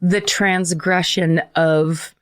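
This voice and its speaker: A woman's voice: on the low side, fairly even intonation, very slow. A woman co-hosting a podcast in casual chat, reading a listener's letter aloud with joking asides and frequent laughs. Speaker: podcast co-host.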